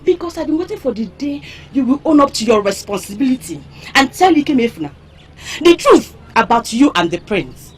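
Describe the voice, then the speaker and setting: An actress with a Nigerian accent playing a sharp-tongued young village woman in a Nollywood royal drama, scolding and mocking loudly. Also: high-pitched, very animated, brisk, slightly rough, exaggerated voice. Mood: angry scolding. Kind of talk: Nollywood film acting.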